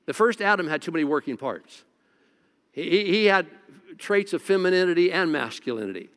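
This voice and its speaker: A man's voice: high voice, lively intonation, fairly quick, fairly bright tone. A man who is a lead pastor preaching in a casual, joking way, often restarting his phrases, in a church. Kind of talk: conversational sermon. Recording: long reverb of a large hall.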